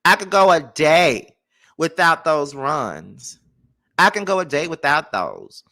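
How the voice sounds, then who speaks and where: A man's voice: a little high, sing-song, slow, pushed and bright. A man with a Mississippi Southern accent, chatting animatedly and slangily in a casual TV review vlog. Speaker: YouTube TV reviewer.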